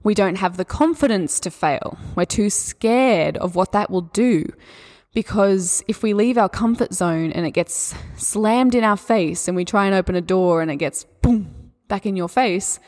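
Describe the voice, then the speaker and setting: An Australian woman hosting a solo mindset podcast, talking in a gentle, encouraging, spiritual way. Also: medium pitch, moderate pace. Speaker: podcast host and mindset coach.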